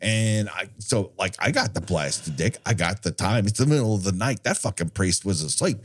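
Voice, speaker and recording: A man's voice: fairly low pitch, animated, normal speed. A man voicing a cocky, boundary-pushing male demon in a seasoned old-guy voice, rambling and profane. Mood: smug. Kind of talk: improvised comedy bit.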